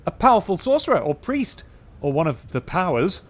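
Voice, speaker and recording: A man's voice: high voice, very animated, moderate pace, pitched above the performer's own voice. A man voicing a bitter young man who longs for death, reading his lines with a sneer. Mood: scornful. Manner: sneering, scornful.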